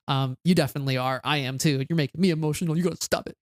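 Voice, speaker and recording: A podcast co-host rambling through a book discussion, leaning on "like" and restarting sentences. The voice is smooth and resonant, recorded dry with little room sound. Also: medium pitch, very fast, hardly any pauses, no room sound. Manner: rambling, heavy use of "like" and restarts.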